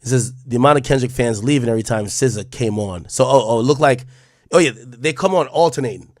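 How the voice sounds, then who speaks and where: A man's voice: mid-range voice, fairly quick, a little mellow, no echo. A man streaming live, reading posts aloud and muttering his reactions to himself, rambling and swearing freely.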